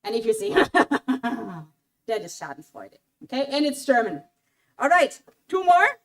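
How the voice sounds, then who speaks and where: High-voiced woman quizzing a hall audience. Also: slow pace. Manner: lively, coaxing, quizzes the audience. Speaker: German language speaker at a college event. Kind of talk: interactive audience quiz talk. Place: auditorium mini hall. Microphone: handheld mic.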